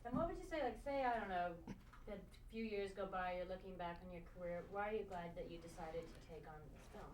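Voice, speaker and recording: A woman's voice: mid-range voice, quick pace, a little hiss or hum. A woman interviewer asking chatty questions at a press junket. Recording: roomy, off-mic with faint ambience.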